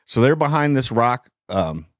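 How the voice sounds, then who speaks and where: A man's voice: mid-range voice, very animated, a little slow, dry recording, dull audio. Sarcastic rambling man reviewing a movie. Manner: rambling and sarcastic, with lots of fillers. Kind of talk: casual spoken movie review.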